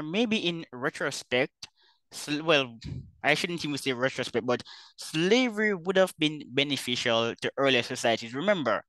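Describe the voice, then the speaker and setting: Bright-voiced man hosting an interview. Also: mid-range voice, dry recording. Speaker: interview host. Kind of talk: conversational interview.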